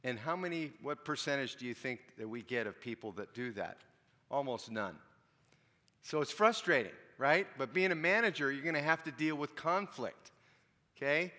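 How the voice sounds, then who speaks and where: A man's voice: medium pitch, expressive, normal speed, sharp tone. A man preaching a sermon in a conversational way, asking his listeners questions and telling stories. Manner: conversational, asks the congregation questions. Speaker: pastor. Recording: long hall reverb.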